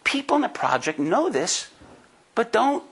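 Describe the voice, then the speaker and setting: A man's voice: extremely high pitch, very animated, a little slow, fairly bright tone, husky. A man in his sixties giving a presentation to a live audience, talking in an emphatic, folksy way and often checking in with "right?". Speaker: conference speaker and book co-author. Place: talk before a live audience.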